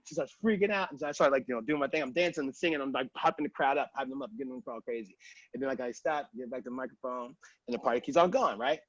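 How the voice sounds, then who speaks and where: A man from Texas tells his story as a podcast guest, casual and chatty, with frequent "like" and "you know". His voice sits at a middle pitch. The sound is dry and a little dull, like a modest lo-fi setup. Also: rapid-fire, dry recording.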